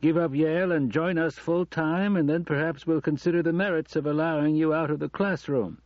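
A man's voice: fairly high pitch, fairly even intonation, fairly quick, no echo, voice pushed up, lightly acted. A man doing a wry cigar-smoking spy chief. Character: gruff cigar-smoking male deputy director. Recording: dull lo-fi audiobook recording.

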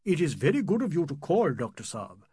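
A man voicing a polite, placating middle-aged gentleman who speaks in a courteous, soothing manner. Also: fairly high pitch, sing-song, fairly quick, husky, no echo, voice pushed up, full character voice.

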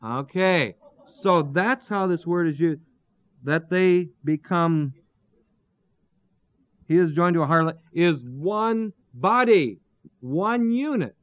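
Slow, deliberate male Bible teacher. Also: on the high side, no room sound. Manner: deliberate, explains terms, asks rhetorical questions. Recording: dull, lo-fi dry recording.

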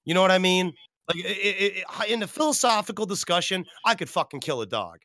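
Excitable, high-voiced man hosting a podcast. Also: a little fast, no echo, studio quality. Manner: excitable, profane, laughing a lot. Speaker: podcast host. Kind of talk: casual livestream podcast chat.

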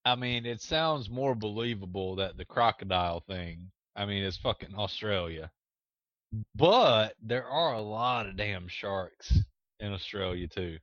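A man's voice: fairly low pitch, measured pace, fairly bright tone, dry recording, lo-fi sound. A man on a casual podcast, guessing answers with joking, profane rambling. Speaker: quiz contestant.

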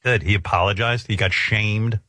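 A man's voice: lowish voice, fairly even intonation, moderate pace, pushed and bright, no room sound. A male comedian ranting in an exasperated, sarcastic way, swearing constantly as he reacts to a clip. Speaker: comedian and show host. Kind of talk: profane comic rant.

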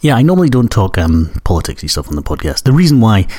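A man in his thirties with a Scottish accent that slips now and then into hints of Newcastle. He talks quickly in a low voice. He hosts his podcast in a loose, rambling, self-deprecating way, full of ums and uhs. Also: very animated, dark tone. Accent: Scottish with traces of Newcastle. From Scotland. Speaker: podcast host. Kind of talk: casual rambling monologue.

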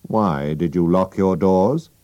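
A man reading a storybook aloud, voicing a calm, thoughtful detective in a measured, grave way. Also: sits low, no echo, lo-fi sound.

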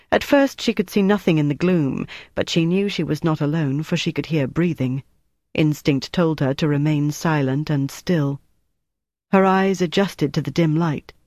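A man reading a novel aloud as narrator, in a steady, even way. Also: on the high side, no room sound, clean studio sound. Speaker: audiobook narrator. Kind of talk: scripted narration.

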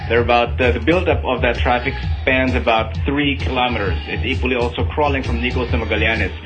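A man's voice: mid-range voice, steady tone, fast talker. Man reading a radio traffic report. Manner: chatty, fills with ums and uhs. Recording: dull lo-fi radio broadcast sound with music underneath.

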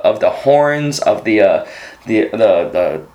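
A man co-hosting a podcast, casually discussing a movie and excitedly retelling a scene with lots of restarts. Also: on the low side, takes it slowly. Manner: animated retelling, full of restarts. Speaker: podcast co-host.

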